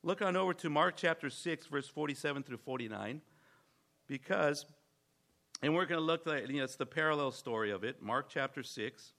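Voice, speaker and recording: Guy preaching a sermon, bright forceful voice, keeps tossing out "right?" and stumbling on restarts. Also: on the high side, moderate pace. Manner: emphatic, repetitive asides and rhetorical questions; stammering restarts.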